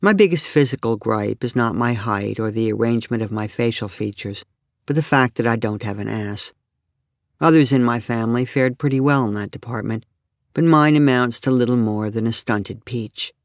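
A middle-aged man reading his own humorous personal essay aloud with a wry, deadpan delivery. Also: mid-range voice, moderate pace, dry recording, studio quality.

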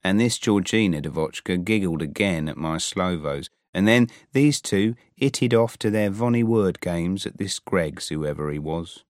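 A man narrating a novel in the first person, unhurried and full of invented slang. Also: deep voice, lively intonation, dry recording, clean studio sound. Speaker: audiobook narrator.

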